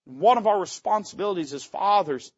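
A pastor delivers an impassioned sermon, his fairly high voice climbing into loud peaks and then dropping to quiet asides. The sound is dry and a little dull, as if recorded close on a modest mic. He speaks with folksy directness. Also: lively intonation, brisk, husky, dry recording. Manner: impassioned preaching, swinging between soft asides and loud climaxes. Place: church sanctuary.

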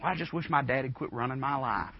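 Preacher acting out a sulky young prodigal son. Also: male voice, medium pitch, fast talker, husky, dull audio, close to an everyday voice. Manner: sulky complaining, then pleading. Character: rebellious young prodigal son, later homesick.

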